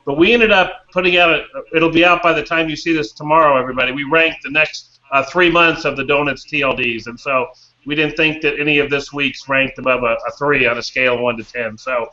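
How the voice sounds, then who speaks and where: A man with a bright, sharp, fairly high voice thinks aloud as a panelist, trailing off and restarting. His audio is muffled and lo-fi, like a remote call. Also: fairly quick. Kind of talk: casual panel discussion.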